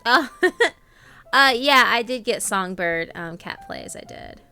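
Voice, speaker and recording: A woman's voice: on the high side, expressive, slow, gravelly, sharp tone, smooth, faint music behind. A young woman streamer chatting casually with viewers, reading out their names between lots of ums and laughs. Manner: chatty, reads out viewer names, filler-heavy. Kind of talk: casual live-stream chat.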